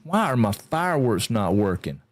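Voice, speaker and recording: A man's voice: medium pitch, sing-song, moderate pace. Easygoing man streaming. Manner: rambling and easygoing, greets chat by name. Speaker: game streamer. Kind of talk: casual livestream chat.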